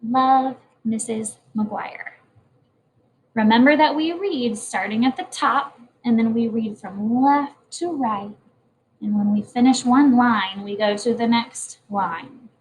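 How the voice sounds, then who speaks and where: A woman's voice: on the high side, a little slow, a little hiss or hum, rough recording. A woman teacher leading a morning message lesson for young children, speaking in a patient, encouraging way. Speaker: kindergarten teacher.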